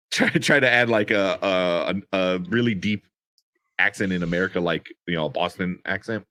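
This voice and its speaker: A man co-hosting a casual movie review show, animated and profane, laughing often. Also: deep voice, normal speed, no echo. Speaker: podcast co-host.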